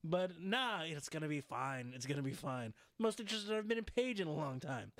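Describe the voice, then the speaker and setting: An animated man co-hosts in lively, joking chat, often acting out what other people said. His voice sits fairly high and sounds close and dry. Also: normal speed, no echo. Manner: animated, jokey, slips into quoted voices. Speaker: podcast co-host. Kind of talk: casual wrestling chat.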